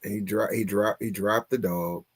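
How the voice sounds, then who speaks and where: A man on a casual talk show, telling a story in an animated, exasperated way and swearing often. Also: fairly low pitch, moderate pace, breathy edge. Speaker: podcast co-host.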